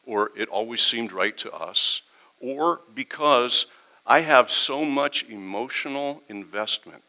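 A man's voice: mid-range voice, expressive, slow, pushed and bright, rough recording. A middle-aged pastor giving a conversational sermon, acting out quoted exchanges with his congregation.

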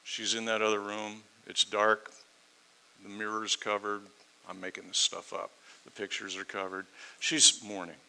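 A man preaching a sermon, reading scripture aloud and then explaining it in a conversational way, swinging between loud emphasis and quiet asides. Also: on the low side, poor audio. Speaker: pastor. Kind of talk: sermon, verse-by-verse Bible teaching.

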